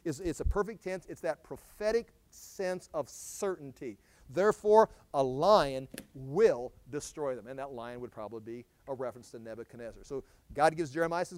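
A man teaching a Bible study as a pastor, reading scripture aloud and acting out the prophet's and God's words with sudden loud emphasis. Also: medium pitch, a little fast. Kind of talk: sermon.

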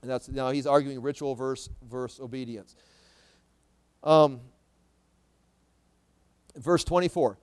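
A man teaching through a Bible passage verse by verse, reading scripture aloud with emphasis and then explaining it in plain, conversational asides, slowing down to stress key phrases. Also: a little high.

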